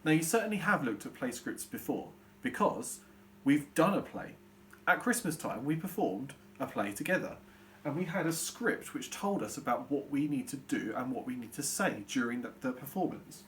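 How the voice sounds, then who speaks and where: A young British man teaching young children over a recorded lesson. His pitch moves a lot, rising and falling as he stresses key words, and he explains everything slowly and patiently. A faint hiss sits under his voice. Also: lively intonation. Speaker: primary school teacher.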